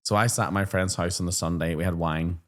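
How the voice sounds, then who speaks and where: A man with a Belfast accent, a teacher co-hosting a casual chat, who tells stories lively and acts out the people he quotes. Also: sits low, fast talker. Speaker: teacher and podcast co-host.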